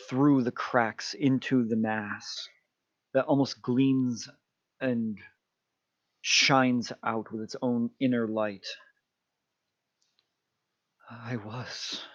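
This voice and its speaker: Male game master, deliberate narrator, dry and slightly lo-fi. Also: medium pitch, steady tone, no room sound. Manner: descriptive, unhurried narration. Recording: dull lo-fi mic.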